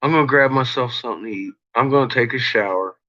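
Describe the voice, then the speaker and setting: A man's voice: medium pitch, sharp tone. A man ranting and swearing in frustration on a casual livestream, talking to his viewers. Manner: frustrated, swearing, slow rambling talk. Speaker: livestream host. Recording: dull lo-fi sound with faint noise.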